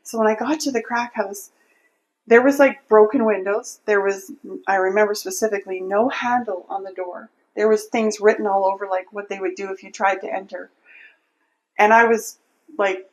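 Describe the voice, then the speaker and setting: A woman's voice: fairly high pitch, steady tone, moderate pace, poor audio. A woman telling a personal faith story in an interview, earnest and heartfelt, often restarting her sentences. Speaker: interview guest.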